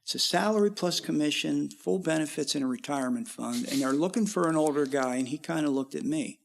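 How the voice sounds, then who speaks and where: Man, middle-aged, gravelly, rambling storyteller, casual interview. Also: fairly high pitch, a little fast. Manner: rambling, animated when quoting others. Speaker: guest musician.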